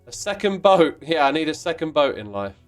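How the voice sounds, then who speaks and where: Animated, playful male livestream host. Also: a little high, a little fast, faint music behind. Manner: playful, mock-indignant, exclamatory. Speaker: livestream host playing a block-building game. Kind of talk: casual livestream chat reading viewer messages.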